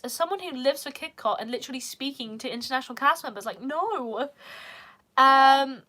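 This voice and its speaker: Young British woman vlogger, high-ish bright voice, rambling and casual. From United Kingdom. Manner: chatty, peppered with "like". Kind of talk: casual chat.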